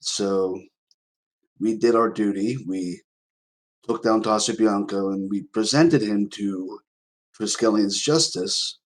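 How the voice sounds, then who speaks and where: A man's voice: fairly low pitch, takes it slowly, low-quality recording. A man voicing an honor-bound young raccoon knight, the son of a noble house, speaking earnestly and formally.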